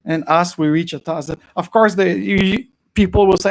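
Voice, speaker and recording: High-voiced man. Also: moderate pace, creaky, hardly any pauses. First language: French. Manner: animated, chuckling, slips into French phrases. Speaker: podcast host. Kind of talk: casual group chat. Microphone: video call.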